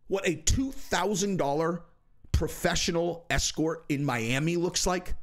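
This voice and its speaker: A man's voice: a little high, fairly quick. Blunt, exasperated male commentary host. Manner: blunt, exasperated, repeats rhetorical questions; jumps to shouting in outbursts. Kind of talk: animated commentary rant.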